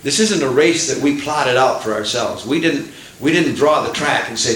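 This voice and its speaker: A man preaching a sermon in a folksy, animated way, swelling into excited outbursts, heard from a distance in an echoey church. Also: medium pitch, moderate pace, slight background noise. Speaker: pastor. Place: church sanctuary.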